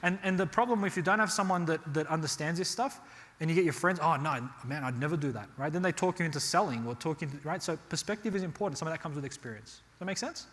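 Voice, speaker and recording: A slightly high male voice, a fast talker, delivers a real estate workshop live; he's Australian. Expect vivid anecdotes punctuated by frequent rhetorical "right?", recorded with hall reverb.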